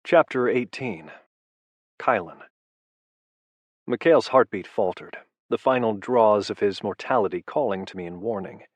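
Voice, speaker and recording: A man narrating a first-person audiobook in a low, intimate, measured way. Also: animated, no room sound.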